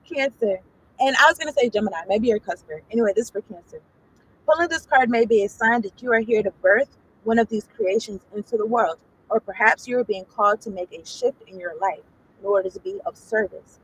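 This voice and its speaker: A woman's voice: fairly high pitch, expressive, a little fast, breathy edge, poor audio. A woman doing a casual tarot reading, reading card text aloud and then riffing on it in a loose, profane, chatty way. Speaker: tarot reader.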